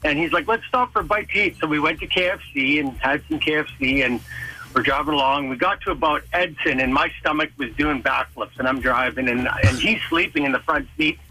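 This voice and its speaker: A man with a high, very bright voice tells a rambling story over a tinny phone line. He calls in to the show and acts out the voices of the people in his story. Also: brisk, husky. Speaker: caller. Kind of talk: phone-in anecdote.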